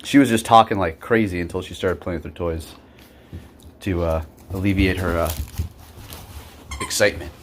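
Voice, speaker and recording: A man's voice: fairly even intonation, normal speed, long pauses, background noise. A man filming a moose from his home in a casual vlog, chatting and sometimes talking to his dog. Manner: chatty, talks to his dog in a high playful voice. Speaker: vlogger.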